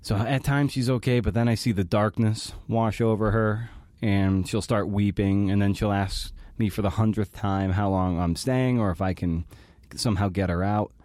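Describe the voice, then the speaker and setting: A man speaks in a somewhat low register, hosting his own podcast. His delivery is halting and emotional, full of restarts. The sound is dry, with no room echo. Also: fairly even intonation, darkish tone. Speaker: podcast host. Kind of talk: personal monologue.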